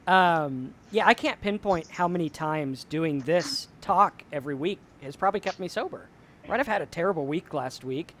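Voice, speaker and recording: A man's voice: a little high, slight background noise. A male host reflectively telling stories in a casual talk about staying sober. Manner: reflective, storytelling. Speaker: show host.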